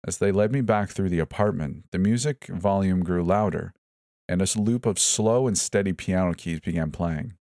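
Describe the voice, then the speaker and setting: Brief: male horror narrator, very low voice, dry close sound, tense first-person telling. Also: normal speed, mellow, no echo. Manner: tense first-person storytelling, voicing each character in turn. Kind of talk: scripted horror story narration.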